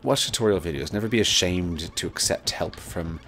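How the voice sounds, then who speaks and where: A man's voice: deep voice, normal speed, fairly bright tone, a little hiss or hum. A man hosting a casual let's play, rambling with lots of fillers and swearing. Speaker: gaming channel host.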